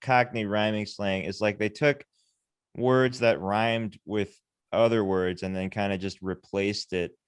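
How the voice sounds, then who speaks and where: A laid-back man with a lowish, smooth, resonant voice chats as a guest over a video call, making wry jokes. The sound is dry and close. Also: fairly even intonation, measured pace, no room sound. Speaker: band member guest. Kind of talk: casual interview chat.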